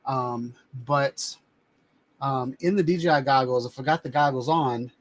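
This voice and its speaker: A man at a measured pace and medium pitch hosts a casual live stream from his home studio, reviewing drones. He rambles conversationally as he presents items to the camera.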